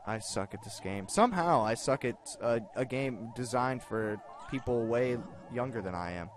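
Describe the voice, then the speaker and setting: A young man commenting on his own gameplay, excitable, self-mocking, and given to shouting at the game. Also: mid-range voice, moderate pace. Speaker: gaming video host. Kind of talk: let's play commentary.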